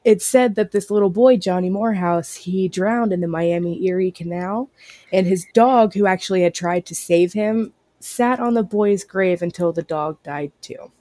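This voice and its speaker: A woman's voice: on the low side, normal speed, mellow, no echo. A woman guest on a podcast, steadily telling urban legends in casual chat.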